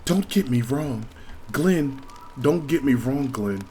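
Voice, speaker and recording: A man reading the part of a composed young princess from a role-playing game, her lines spoken in an everyday mid-pitched male voice. The reading stays fairly plain and level, with a faint hiss behind it. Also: lively intonation, slow, mellow. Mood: earnest.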